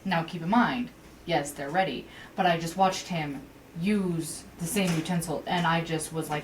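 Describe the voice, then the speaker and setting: A woman co-hosting a podcast, telling a work story in casual chat, swearing freely and jumping up in pitch when she quotes herself. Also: moderate pace, distant mic, a little hiss or hum, low-quality recording. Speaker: podcast co-host.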